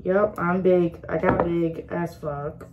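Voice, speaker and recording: A woman's voice: fairly low pitch, fairly even intonation, takes it slowly, muffled recording, noisy background. A young woman vlogger talking frankly to her viewers, swearing freely and venting about her life as a single mom. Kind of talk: casual chat to camera.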